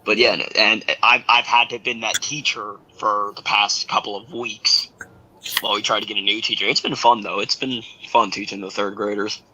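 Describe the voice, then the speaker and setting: A man's voice: fairly low pitch, moderate pace, breathy edge, rough recording. A young man, a schoolteacher, chatting casually on a sports podcast and acting out the people in his stories. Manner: animated storyteller, acts out quotes.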